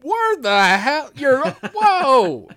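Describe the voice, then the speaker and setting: A man's voice: very high-pitched, very animated, drawn-out words, voice pushed up, exaggerated voice. A man doing an impression of a boisterous, friendly man in his eighties who fires off eager questions. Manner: loud, hearty, eager questions.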